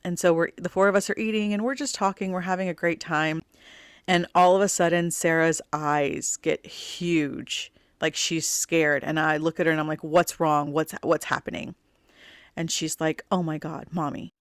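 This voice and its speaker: A woman's voice: lowish voice, fairly even intonation, normal speed, smooth, no echo, clean studio sound. Chatty middle-aged woman podcast host. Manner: chatty, rambling, full of "like"; wistful, grieving undertone. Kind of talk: casual personal storytelling.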